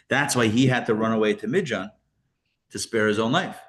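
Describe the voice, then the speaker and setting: A man's voice: on the low side, animated, moderate pace, fairly bright tone. A man teaching a live Torah class as a rabbi, chatty and full of fillers and restarts, with joking asides.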